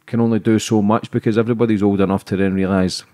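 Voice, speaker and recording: A man, hosting a podcast interview. He talks quickly in a fairly low voice, asking earnest, probing questions in a chatty tone. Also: little pitch movement, mellow. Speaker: podcast host. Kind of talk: interview conversation.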